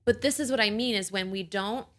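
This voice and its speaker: A woman's voice: medium pitch, fairly quick, fairly bright tone. A young adult woman hosting a podcast, talking casually and reassuringly to new mothers, often checking in with "right?". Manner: conversational, reassuring, lots of "like" and "right?". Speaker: podcast host. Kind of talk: casual explanatory talk to mothers.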